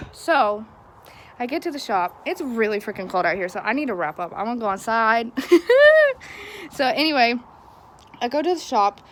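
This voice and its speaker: A woman's voice: fairly high pitch, expressive, normal speed, pauses often, fairly bright tone, slight background noise. A young woman telling a story in a casual vlog, chatty and frustrated, laughing often, filming on a phone outdoors in the cold. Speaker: vlogger.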